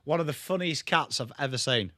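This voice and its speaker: Bright, dry-sounding male watchalong host. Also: a little high, a little fast, no echo. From England. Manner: banter with viewers, swears freely. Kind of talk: casual live football commentary and chat.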